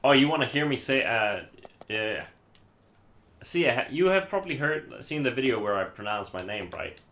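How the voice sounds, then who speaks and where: A man from Iceland, native in Icelandic, chats his way through a game in casual English. His voice is bright and sharp at a middling pitch, and his talk wanders with plenty of fillers and false starts. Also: expressive, moderate pace. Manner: hesitant, rambling with many fillers and restarts. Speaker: streamer playing a game. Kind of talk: casual gameplay commentary.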